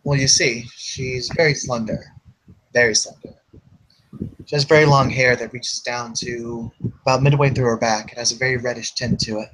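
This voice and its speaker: A man's voice: medium pitch, fairly even intonation, moderate pace, a bit bright, poor audio. A man playing a tabletop role-playing game, casually describing his character. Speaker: player.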